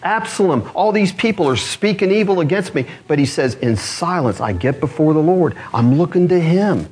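A man's voice: on the high side, lively intonation, moderate pace, few pauses, darkish tone, breathy edge. A man preaching a sermon as pastor, earnest, asking the congregation rhetorical questions. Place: church.

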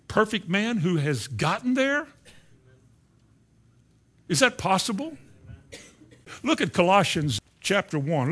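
Animated man preaching a sermon. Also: sits high. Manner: animated, shifts between soft asides and loud emphasis.

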